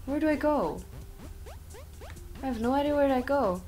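A woman's voice: high-pitched, expressive, moderate pace, warm tone, soft background music. A woman giving rambling, jokey commentary on a game as she plays, with sarcastic asides, over a desk microphone. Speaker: gameplay commentator. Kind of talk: playthrough commentary. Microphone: own desk microphone.

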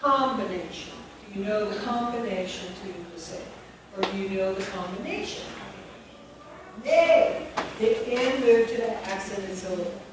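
A woman's voice: mid-range voice, a little fast, recorded from a distance. A woman leading a spelling workshop for teachers, questioning the group and drilling them step by step. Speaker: teacher trainer. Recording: echoey room recorded from afar, noisy.

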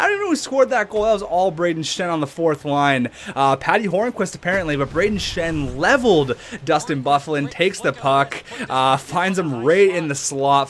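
A young man giving excited, swearing commentary over a hockey video game, trash-talking and bursting into laughter. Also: fairly high pitch. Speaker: gaming YouTuber.

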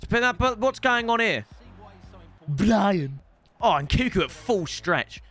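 A young man giving excitable commentary on his own football video game matches, with shouting outbursts and joking banter. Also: high voice, slow pace, over loud music. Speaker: gaming YouTuber.

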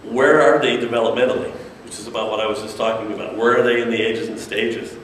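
A man's voice: mid-range voice, quick pace, slight background noise. A man giving a casual talk to an audience about designing media for children, acting out the voices of kids and characters as he goes. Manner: animated, acts out kids' and characters' voices. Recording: echoey distant room recording.

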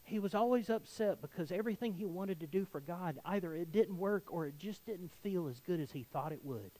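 A man preaching to his congregation in a slightly high voice. He moves from soft, confiding appeals to emphatic exhortation, pressing every point home. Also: poor audio. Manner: earnest, rising to emphatic exhortation. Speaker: pastor. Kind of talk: sermon.

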